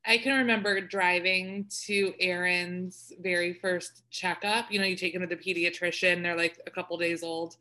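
Bright-voiced woman chatting. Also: on the low side, steady tone, normal speed, hardly any pauses. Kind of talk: casual chat.

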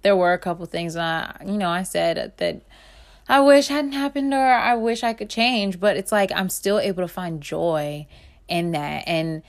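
A young woman of about twenty talks through her thoughts in a personal monologue, earnest and unpolished. She circles back on her words with lots of fillers and restarts, and her voice lifts up bright and then drops low and soft as feelings catch her. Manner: emotional, swings between bright and hushed.

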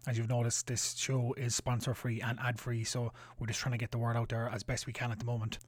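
A man opens his podcast with a steady, friendly read. His voice sits in a middle pitch and sounds close and dry, with no room around it. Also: a little fast, no echo. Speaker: podcast host. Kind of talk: scripted podcast intro.

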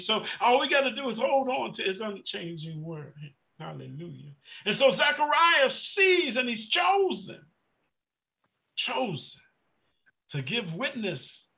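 Male preacher, high bright voice, swooping delivery, muffled lo-fi recording. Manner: fervent, surges from hushed to shouting, repeats words. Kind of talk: sermon. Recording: muffled lo-fi sound.

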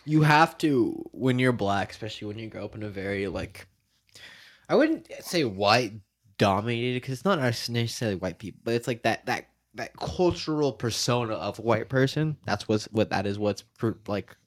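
A man's voice: mid-range voice, animated, normal speed. A young man co-hosting a podcast, chatting loosely with lots of fillers, restarts and swearing. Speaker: podcast co-host. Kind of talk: casual chat.

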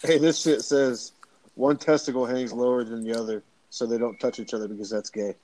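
A man's voice: mid-range voice, steady tone, brisk, dark tone, low-quality recording. A man joking crudely in casual podcast chat.

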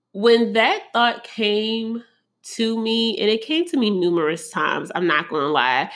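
Slow-talking woman sharing her story. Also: on the low side. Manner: earnest, emotional, conversational with many fillers. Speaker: vlogger sharing personal story. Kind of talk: candid personal talk to camera.

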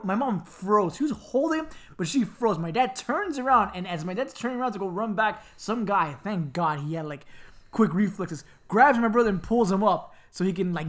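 Animated man from Miami telling stories. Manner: animated, laughing storyteller who acts out squeaky voices. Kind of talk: casual storytelling chat.

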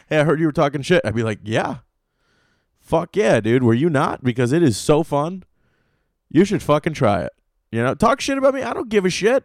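A man's voice: on the high side, no room sound, clean studio sound. A young adult man hosting a podcast, ranting comically in a profane, rambling way. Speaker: podcast host. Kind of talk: comedic solo rant.

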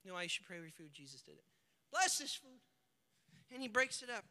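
Male pastor, very high piercing voice, dynamic sermon delivery from whisper to shout, long church reverb. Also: animated, rapid-fire. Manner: dynamic preaching, swings from hushed to shouting; acts out quoted characters in the stories.

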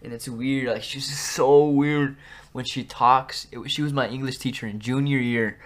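A man's voice: mid-range voice, fairly even intonation, normal speed. A young man hosting a podcast, telling stories from his school days in a chatty, rambling way, full of fillers and restarts. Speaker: podcast host. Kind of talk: casual storytelling.

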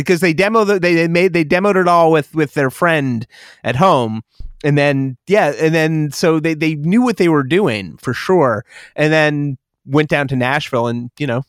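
A man's voice: on the high side, dry recording, clean studio sound. A man discussing music casually as a podcast guest, rambling and correcting himself as he goes.

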